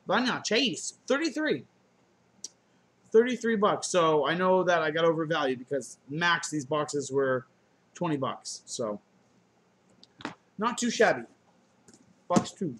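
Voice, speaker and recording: Man, higher-pitched voice, casual joking unboxing chat, profane goofy asides, laptop mic, faint background hiss. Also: expressive, measured pace, pauses often, a bit bright. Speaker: unboxing vlogger. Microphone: laptop camera.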